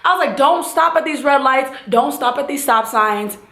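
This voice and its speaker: A young woman vlogger telling a casual, animated storytime, acting out the voices of the people in it. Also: high-pitched, moderate pace, echoey room. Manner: animated, acts out voices and sound effects.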